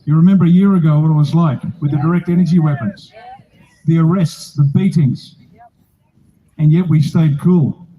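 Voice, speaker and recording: A man's voice: on the high side, moderate pace, warm tone, low-quality recording. An older man with an Australian accent, giving a blunt, rousing, joking speech at an outdoor rally. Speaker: political speaker at a rally.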